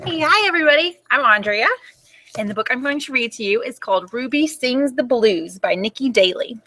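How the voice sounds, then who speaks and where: A young woman reading a picture book aloud for children at storytime, in an animated and expressive way. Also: a little high, normal speed.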